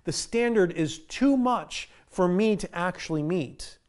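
High-voiced earnest male preacher. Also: lively intonation, measured pace, a little mellow. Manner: earnest, repeats words when starting phrases. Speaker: pastor. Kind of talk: sermon.

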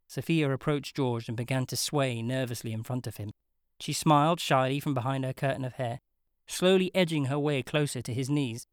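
An audiobook narrator reading a novel in a measured, wry storytelling manner. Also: medium pitch, dry recording, studio quality. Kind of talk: scripted narration.

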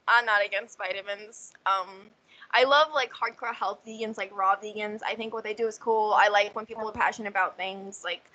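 A young woman chatting casually on a podcast, animated and full of fillers. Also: mid-range voice, fairly quick, dull audio. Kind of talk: casual chat.

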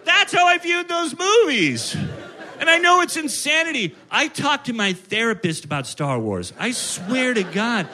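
A man in his fifties doing a profane, ranting stand-up comedy set on stage before a live audience. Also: high voice. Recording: live set with loud crowd and room noise. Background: audience laughter.

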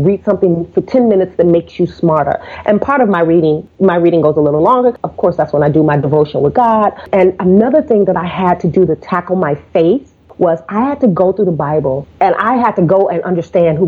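A woman guest on a podcast telling stories about pitching, acting out phone calls in quoted voices. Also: animated, brisk, hardly any pauses, slightly rough. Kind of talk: casual interview storytelling. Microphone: remote call. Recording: tinny phone-like line.

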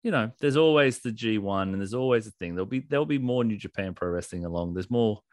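Excitable male podcast co-host, dry sound. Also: on the low side, fast talker, no room sound. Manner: excitable, rambling, laughs often. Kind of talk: casual chat.

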